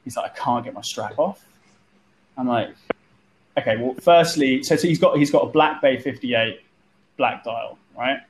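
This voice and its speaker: A man's voice: mid-range voice, moderate pace, long pauses, poor audio. A man telling stories in a casual group chat, often repeating words as he starts a phrase. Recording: light background noise.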